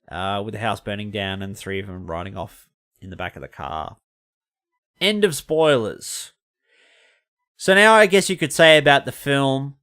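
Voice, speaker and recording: A man's voice: mid-range voice, a bit bright, smooth. A man hosting a podcast, chatting casually through a film review in a loose, rambling way and correcting himself mid-sentence. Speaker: podcast host.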